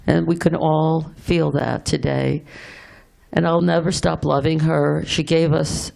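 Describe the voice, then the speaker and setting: Woman, middle-aged, heavy vocal fry, halting tender eulogy, frequent pauses. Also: deep voice, fairly even intonation, a little mellow. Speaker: friend giving a eulogy. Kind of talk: heartfelt memorial speech.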